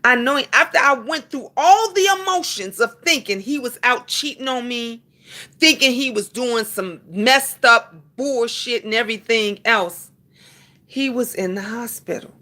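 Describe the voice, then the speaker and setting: A woman's voice: on the high side, a little slow, sharp tone. A woman hosting a casual live stream, preaching to her viewers, repeating herself for emphasis, calling them honey and thanking commenters by name. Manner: emphatic repetitions, calls listeners honey.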